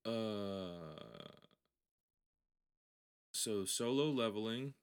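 A man's voice: lowish voice, drawn-out words, clean tone. A man hosting a podcast, telling a long story in casual chat, rambling and swearing, with frequent restarts. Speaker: podcast host.

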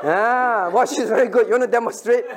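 A man's voice: extremely high pitch, brisk, a crowd in the background. A middle-aged man, a pastor giving a playful Bible lesson to children and asking them questions. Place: church room with children.

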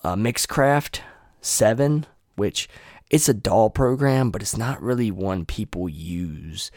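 Here a young vlogger chats to his audience in a rambling way from his home room, using a USB desktop mic and plenty of swearing. The voice is fairly low, slow and darkish, captured cleanly with no echo.

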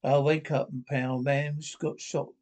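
An actor playing a gruff, gun-loving husband who blusters at a caller in a TV drama. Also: male voice, a little high, little pitch movement, unhurried, a little mellow. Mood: belligerent. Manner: brusque, blustering.

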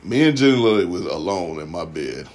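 A man's voice: deep voice, sing-song, a little fast. A man chatting casually as a podcast co-host, rambling with lots of fillers and slang while recapping a TV episode.

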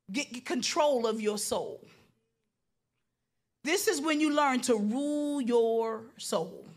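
High-voiced woman preaching with fervor. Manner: impassioned preaching, repetitive building cadence, rising to shouts. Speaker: pastor. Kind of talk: sermon.

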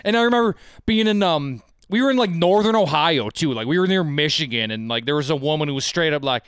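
Young male host, higher voice, animated sarcastic storyteller, dry close mic. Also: quick pace, smooth, dry recording. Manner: sarcastic, joking, lively storytelling. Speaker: podcast host. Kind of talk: casual podcast chat.

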